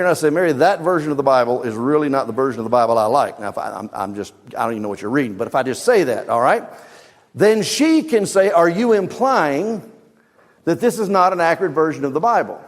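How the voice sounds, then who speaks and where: Pastor guy preaching, kinda high voice, reads verses real dramatic, long church echo. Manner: reads scripture aloud with dramatic emphasis, asks the congregation questions. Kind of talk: sermon. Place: church sanctuary.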